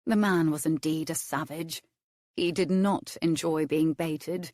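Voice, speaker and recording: A woman reading a romance novel aloud as its narrator, measured and expressive. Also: sits low, no room sound, clean studio sound. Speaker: audiobook narrator.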